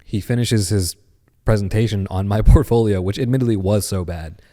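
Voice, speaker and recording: Deep-voiced man telling a story. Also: fairly quick, long reverb tail. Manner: animated storyteller. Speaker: podcast guest. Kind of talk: casual chat.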